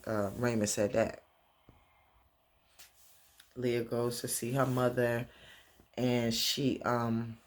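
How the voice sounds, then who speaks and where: Chatty man recapping a TV episode. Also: medium pitch. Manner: chatty, rambling, full of fillers and restarts. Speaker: TV recap vlogger.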